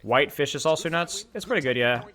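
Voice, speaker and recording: A man's voice: a little high, quick pace. A young man co-streaming an esports match, joking with his chat and breaking down the plays in casual live-stream commentary. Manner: animated, joking, talks straight to chat.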